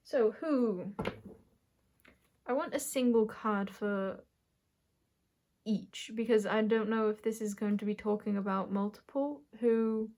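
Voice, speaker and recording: A woman giving a collective tarot reading, musing and halting as she draws cards and talks through what she senses. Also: fairly high pitch, steady tone, mellow. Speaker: tarot reader.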